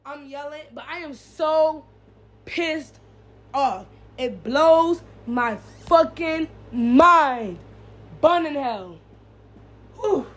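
Loud, high-pitched ranting woman. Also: animated, drawn-out words, long pauses. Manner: profane, heated ranting; blunt, slangy. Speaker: podcast co-host. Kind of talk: casual chat.

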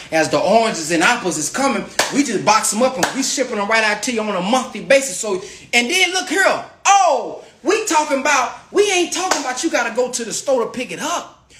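A man talks straight to his live viewers, swinging his pitch up and down with plenty of life as he hypes them up. He circles back over his points and keeps calling out to the crowd. His voice rings a little in a roomy space. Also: animated, a little fast, background noise. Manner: emphatic, repetitive, calls out to the audience. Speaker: livestream host promoting a farm venture.

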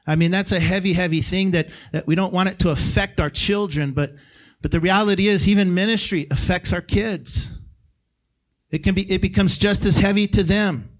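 A middle-aged man preaching in a church sanctuary, his voice sitting a little high for a man. He talks to the congregation like a friend, with bursts of loud emphasis and then quiet, hushed lines. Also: fairly even intonation, normal speed. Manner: conversational preaching with sudden shouted peaks and hushed drops. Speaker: guest pastor. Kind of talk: sermon.

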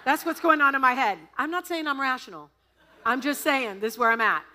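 A woman pastor preaching a sermon, telling a story in an animated, laughing, dramatic way. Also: sits high, a little fast. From United States.

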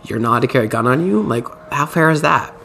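A man's voice: medium pitch, animated, fast, gravelly, a bit bright, faint music behind. A man hosting a podcast, telling a story in casual, profane, rambling chat. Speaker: podcast host.

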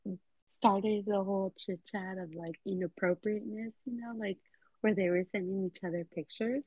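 A woman co-host tells a juicy story with lively energy, slipping into each person's voice as she quotes them. Her voice comes through thin and narrow like a phone line, with a dry, close sound. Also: medium pitch, normal speed, dry recording. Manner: animated gossipy storytelling, acts out quotes, frequent "like". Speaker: podcast co-host. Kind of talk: casual storytelling chat.

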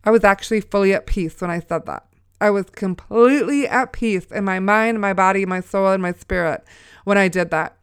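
Middle-aged woman, smooth voice, earnest Christian storyteller who exhorts listeners. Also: medium pitch, moderate pace, no room sound, clean studio sound. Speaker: mother sharing a faith testimony.

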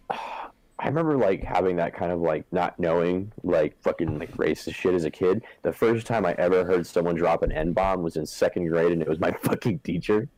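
A man's voice: low-pitched, moderate pace, a little mellow, no echo, poor audio. A young man from Southern California in casual chat, rambling with lots of swearing and filler words.

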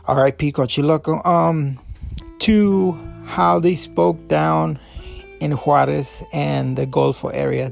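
A man's voice: fairly high pitch, vocal fry, a little mellow. A man hosting a podcast, giving a loose, rambling review full of fillers and restarts, a Spanish speaker. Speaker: podcast host. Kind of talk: casual review talk.

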